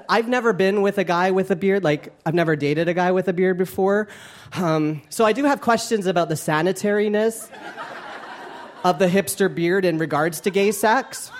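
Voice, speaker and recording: A young man doing a stand-up comedy set, animated and campy, with playful asides to the crowd. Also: sits high. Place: live comedy club stage. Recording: live club recording with crowd. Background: audience laughter.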